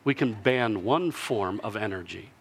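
A man preaching a sermon, telling a story with lively delivery and answered by the congregation. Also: fairly low pitch, a little slow. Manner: lively storytelling, acting out villagers in character.

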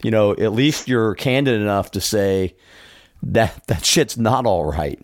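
A man's voice: fairly low pitch, measured pace, no echo, clean studio sound. A man hosting a podcast, responding to his guest in a casual, supportive way. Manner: casual, supportive, says "man" and "you know" a lot. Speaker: podcast host. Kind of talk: podcast interview.

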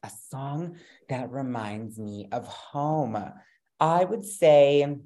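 A man's voice: mid-range voice, lively intonation, drawn-out words, warm tone. A man from Madison, Wisconsin, a drag performer chatting as an interview guest, gushing and campy with lots of playful slang. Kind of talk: casual interview chat.

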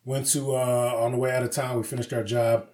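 A man's voice: medium pitch, little pitch movement, fairly quick, a little mellow. A man co-hosting a podcast, telling a story in casual chat with heavy swearing and acted-out quotes. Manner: profane storyteller, acts out quoted voices. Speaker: podcast co-host.

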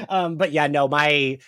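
A woman from New Jersey near Philadelphia with a South Jersey accent, co-hosting a podcast in casual chat, animated and laughing often. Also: low voice, dry recording, clean studio sound. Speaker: podcast co-host.

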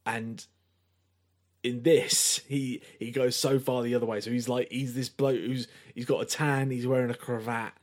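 A man's voice: mid-range voice, normal speed. A man co-hosting a podcast, chatting casually about a film with rambling, filler-heavy sentences. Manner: rambling, animated, many fillers. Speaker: podcast co-host. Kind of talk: casual film review chat.

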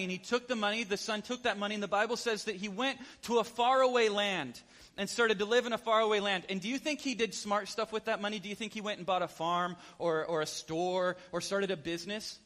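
A man preaching in an animated storytelling style, often asking his listeners questions. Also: high voice, fairly quick, long reverb tail. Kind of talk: storytelling sermon.

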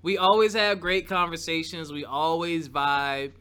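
Bright-voiced upbeat man hosting a podcast. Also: on the high side, a little slow, smooth. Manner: lively, upbeat, chatty with laughs. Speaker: podcast host. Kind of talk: casual podcast chat.

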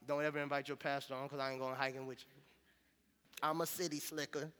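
A male pastor preaching a sermon in a relaxed, conversational, storytelling way, with casual slang. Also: medium pitch, fast talker, long reverb tail. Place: church sanctuary.

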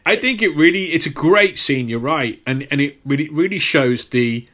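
Bright-voiced podcast co-host. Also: male voice, on the high side, animated, normal speed. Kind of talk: casual film chat.

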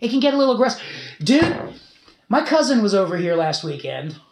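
A chatty man hosts a podcast, his pitch swinging up and down. He swears casually and rambles. The room around him is echoey. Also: big pitch swings, brisk, background noise. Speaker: podcast host. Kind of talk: casual chat.

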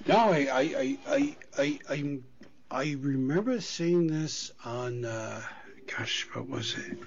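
A man's voice: medium pitch, expressive, takes it slowly, a little hiss or hum. A middle-aged man from the US East Coast, co-hosting a podcast in casual chat; he rambles, restarts and swears. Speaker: podcast co-host. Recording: dull lo-fi audio.

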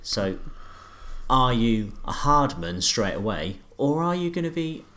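A man's voice: mid-range voice, big pitch swings, unhurried, bright, forceful tone. A man on a podcast explaining things casually, with a few hesitations.

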